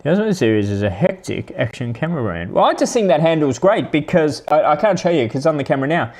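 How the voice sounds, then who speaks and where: A man's voice: on the high side, very animated, darkish tone. Aussie guy chatting on a live stream, rambly, keeps restarting sentences. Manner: rambling, halting, with many restarts. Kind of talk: casual chat answering viewers.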